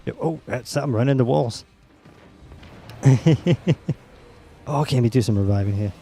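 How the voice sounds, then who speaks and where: A man streaming a game, chatting casually with teammates in a relaxed, rambling way with many fillers. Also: mid-range voice, moderate pace, faint music behind. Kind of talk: casual gaming chat.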